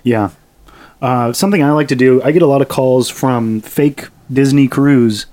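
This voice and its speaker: A man co-hosting a podcast, joking crudely and breaking into laughter. His voice sits at an ordinary mid pitch in loose banter. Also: moderate pace, warm tone. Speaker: podcast co-host. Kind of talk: casual comedic chat.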